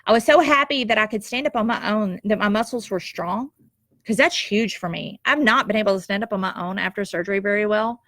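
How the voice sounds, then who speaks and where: A woman's voice: mid-range voice, fairly quick, fairly bright tone, no echo, studio quality. A woman, telling a personal story in an emotional, heartfelt and reflective way, tearful at times. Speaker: nurse sharing a personal story.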